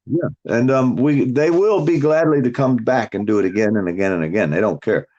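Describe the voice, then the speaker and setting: A man's voice: medium pitch, a little fast, mellow, dull audio. A man ranting bluntly on a casual livestream, swearing heavily and mocking people. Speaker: livestream host. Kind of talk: profane casual livestream chat.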